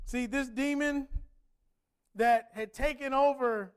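A man with a very high voice preaching a conversational sermon. He poses question after question to the congregation and speaks in a relaxed, everyday way. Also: takes it slowly, clear, resonant tone. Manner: conversational, asks many rhetorical questions.

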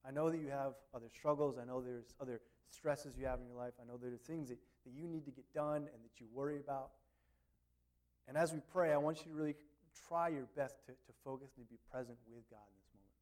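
A man's voice: medium pitch, steady tone, fast, darkish tone. A male pastor preaching a sermon in a conversational way, with many fillers and restarts.

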